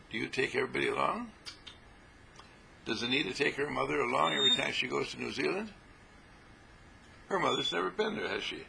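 A man giving a rambling spiritual talk to a small group, animated and often laughing as he acts out little scenes. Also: on the high side, creaky, a little hiss or hum, poor audio. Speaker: spiritual teacher.

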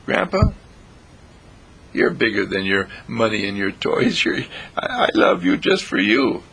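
A man voicing a loving, earnest nine-year-old grandson with a husky, creaky voice and a pleading, childlike manner. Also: on the low side, big pitch swings, measured pace, a bit bright, exaggerated voice. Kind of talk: storytelling.

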